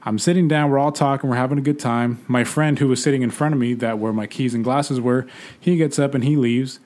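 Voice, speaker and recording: A man's voice: mid-range voice, fairly even intonation, fairly quick, darkish tone. Laid-back young man telling a story. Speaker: podcast co-host telling a story. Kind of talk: casual storytelling chat.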